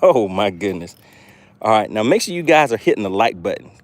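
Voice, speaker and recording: Animated man hosting a fishing stream. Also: fairly low pitch, a little fast. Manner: excited, talks directly to chat viewers. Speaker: fishing livestream host. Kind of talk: live fishing stream commentary.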